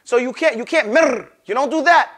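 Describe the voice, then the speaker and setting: High-voiced man teaching recitation drills. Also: fairly bright tone. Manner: drills pronunciation, stretching sounds slowly and repeating them; casual, conversational teaching with frequent check-ins. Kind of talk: classroom lesson.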